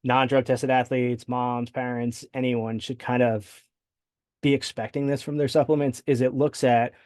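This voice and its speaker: A man's voice: mid-range voice, flat delivery, moderate pace, darkish tone, no echo, studio quality. A man talking as a sports dietitian guest on a podcast interview, explaining things in detail and tagging sentences with "right?". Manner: explanatory, with frequent "right?" tags and fillers.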